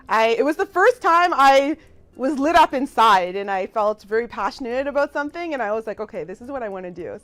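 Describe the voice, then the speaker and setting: A woman's voice: fairly high pitch, dry recording. A woman hosting an interview show, asking questions in an enthusiastic, affirming way.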